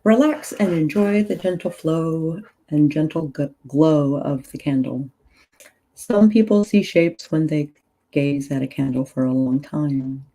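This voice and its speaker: Slow, gravelly low-voiced woman. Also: mellow, low-quality recording. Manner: unhurried, reads prayers aloud with loose asides. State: groggy. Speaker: ritual leader and tarot reader. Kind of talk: guided ritual reading on a casual livestream.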